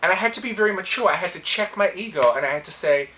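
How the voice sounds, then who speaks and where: A woman's voice: fairly low pitch, lively intonation, quick pace, few pauses, a bit bright, low-quality recording. A woman hosting a casual solo podcast, telling a personal story with animation and acting out her own past lines. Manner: reflective, self-coaching tone. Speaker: podcast host.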